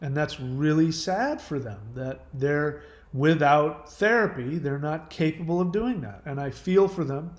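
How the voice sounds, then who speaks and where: A man's voice: on the high side, unhurried, hardly any pauses, roomy sound. A man hosting a casual livestream, answering viewer questions earnestly with fillers and restarts.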